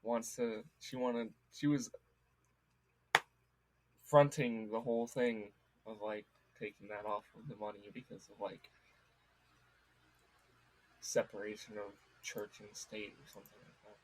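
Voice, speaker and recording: A teenage boy in a casual chat who jokes around, laughs easily and breaks in with loud outbursts. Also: on the low side, level tone, unhurried, long pauses, a little hiss or hum, rough recording.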